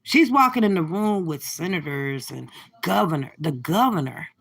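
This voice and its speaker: A middle-aged woman doing profane, brash reaction commentary from her car, cursing and laughing through loud rants. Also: lowish voice, lively intonation, moderate pace, gravelly, slightly rough. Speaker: livestream commentator.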